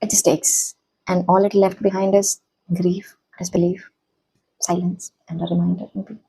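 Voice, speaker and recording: Soft, hesitant young woman with gravelly husky voice. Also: lowish voice, level tone, rough recording. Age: young adult. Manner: soft-spoken, hesitant, halting. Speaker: vlogger, college student. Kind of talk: personal reflective vlog.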